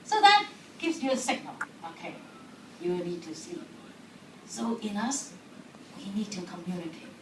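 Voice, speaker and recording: Animated woman speaking in an echoey hall. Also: mid-range voice, measured pace, long pauses. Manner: animated, asks the audience questions, laughs often. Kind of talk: lively talk to an audience. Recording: echoey hall recorded from far off, background noise.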